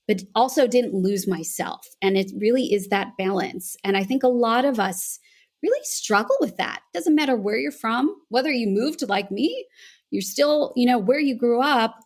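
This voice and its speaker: An American woman, a voice coach, earnestly telling her story as a podcast guest. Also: fairly high pitch. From United States. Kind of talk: podcast interview.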